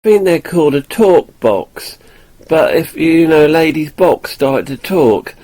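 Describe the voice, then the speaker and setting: A man's voice: fairly high pitch, expressive, measured pace, mellow, poor audio. A man vlogging casually, chatting in a jokey, eager way. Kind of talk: casual vlog talk to camera.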